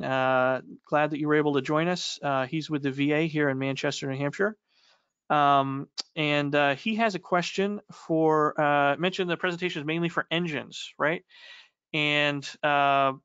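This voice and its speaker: A man with a New England accent co-hosting a technical webinar, speaking haltingly with many fillers and restarts. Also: fairly high pitch, a bit bright, clear, resonant tone, no room sound. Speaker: webinar co-host. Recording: slightly dull dry audio.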